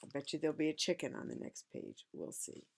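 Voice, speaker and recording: A woman's voice: deep voice, huge pitch swings, brisk, gravelly, slight background noise. A woman reading a picture book aloud to a child, chatting about the pictures as she goes.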